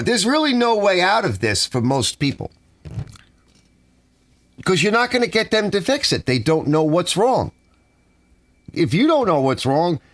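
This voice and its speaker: The speaker is a middle-aged American live streamer who rambles, grumbles, and gets animated while reading the chat out loud. His voice is high-pitched, captured in a dry recording.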